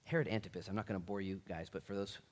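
A man preaching a sermon in a casual, conversational way, acting out quoted lines with big swings in loudness. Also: racing. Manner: animated, acts out quotes with big pitch and volume swings. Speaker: pastor.

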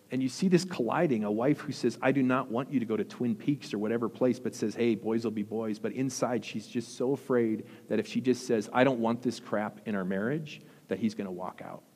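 A man preaching a sermon as pastor, earnest, with emphatic rises and soft, intense drops. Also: lowish voice. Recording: long hall reverb.

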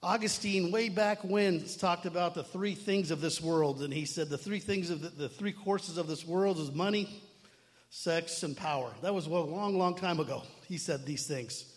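A middle-aged man preaches in a relaxed, talky way, doubling back on his words and tossing in asides to the congregation. His voice sits a little high for a man and rings with the long reverb of a large hall. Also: normal speed. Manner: conversational preaching with frequent asides and restarts. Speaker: pastor. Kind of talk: sermon.

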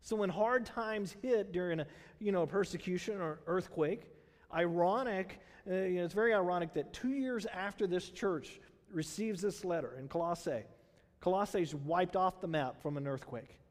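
Chatty high-voiced man preaching in a hall. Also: normal speed. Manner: conversational, rhetorical questions, many fillers. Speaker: pastor. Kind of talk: sermon. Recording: hall reverb.

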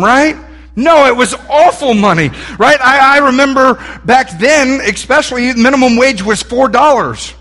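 A man, preaching a sermon in a folksy, animated way and asking the room questions. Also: very high-pitched. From Texas.

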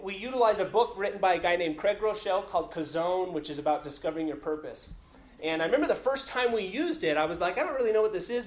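High-voiced joking pastor, echoey hall. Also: male voice. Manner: chatty, joking, many fillers. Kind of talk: casual sermon. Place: church hall. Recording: echoey room.

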